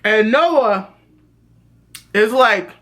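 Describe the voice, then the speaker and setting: A woman's voice: a little high, lively intonation, very slow, fairly bright tone. A woman recapping a TV series in a casual vlog. She talks in a profane, outspoken, gossipy way and speaks straight to her viewers. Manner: gossipy storytelling that addresses viewers directly. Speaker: TV series reviewer.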